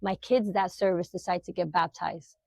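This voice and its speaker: Animated middle-aged woman telling her story. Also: on the low side, normal speed, gravelly, dry recording. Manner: animated and emotional, filler-heavy. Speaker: podcast guest. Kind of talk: personal testimony storytelling.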